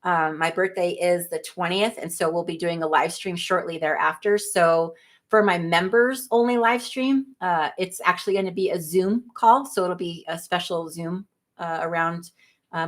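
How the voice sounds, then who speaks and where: A woman's voice: on the low side, moderate pace. A middle-aged woman hosting a livestream, chatting casually, reading viewer comments, rambling and laughing often. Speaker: livestream host.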